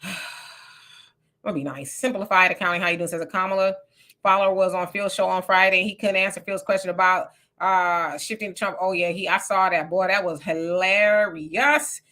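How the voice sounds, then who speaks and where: A woman's voice: lowish voice, fairly even intonation, moderate pace, bright, forceful tone. A woman, casually co-hosting a livestream and reading viewer comments aloud with sassy asides.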